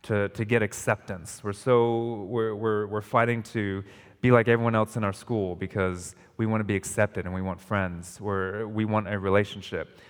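A man's voice: lowish voice, level tone, normal speed, smooth. A man preaching a sermon as pastor, emphatic, often restarting and repeating phrases. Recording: long reverb of a hall.

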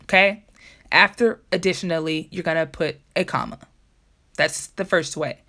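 A woman's voice: fairly low pitch, normal speed, bright, forceful tone. A woman hosting a podcast episode, teaching grammar in a chatty, casual way. She corrects herself often and talks straight to her listeners.

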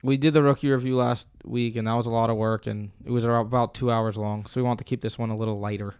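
A young man co-hosting a fantasy football podcast in a relaxed, chatty way. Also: medium pitch, quick pace, clear, resonant tone, no room sound, studio quality. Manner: relaxed, chatty, reads out promo codes. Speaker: podcast co-host. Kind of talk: casual podcast chat.

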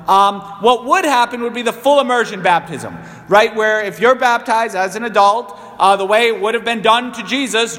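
High-voiced young priest preaching in a church. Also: male voice, fairly bright tone, long reverb tail. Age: 30s. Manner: conversational, self-deprecating asides. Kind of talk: sermon.

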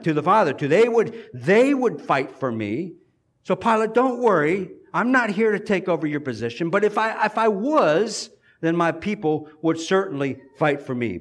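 A man preaching a sermon in an earnest way, building emphasis and pausing between phrases. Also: a little high.

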